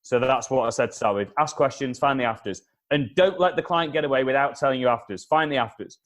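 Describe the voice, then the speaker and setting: An energetic man explains his method in a lively interview. He hammers his key points home by repeating them. He acts out conversations with clients as he goes. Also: mid-range voice, fast talker. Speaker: communication consultant, interview guest. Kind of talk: animated advice with acted-out anecdotes.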